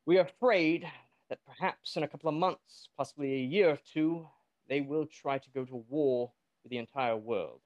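A man's voice: fairly high pitch, normal speed, a little mellow, no room sound, muffled recording, lightly acted. A man playing a formal military captain who briefs his recruits in a stiff, polite way. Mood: briefing. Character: brisk male military captain, formal and commanding.

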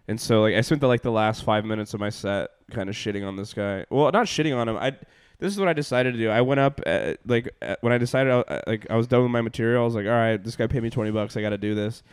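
A young man tells stories in a loose, rambling way, breaking into laughs and swearing freely. His voice is smooth and clear, recorded close and dry. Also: fairly low pitch, fast, no room sound. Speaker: comedian and podcast host. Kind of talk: casual storytelling chat.

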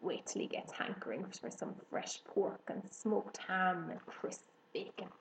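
A woman voicing a gluttonous, bloated male rat with a husky, hoarse voice. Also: fairly low pitch, unhurried, reverberant, a little hiss or hum, poor audio. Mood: sneering.

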